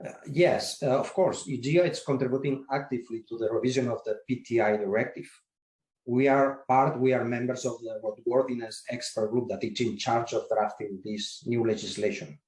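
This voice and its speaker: A man's voice: medium pitch, darkish tone. Man giving formal interview answers, roomy sound. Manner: formal, measured, with restarts. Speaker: association secretary general. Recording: roomy echo.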